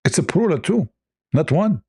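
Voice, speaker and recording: A man's voice: fairly high pitch, big pitch swings, moderate pace, a little mellow, breathy edge, no echo, studio quality. A man hosting a stream, speaking as an in a sarcastic, mocking commentary style. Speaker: livestream host.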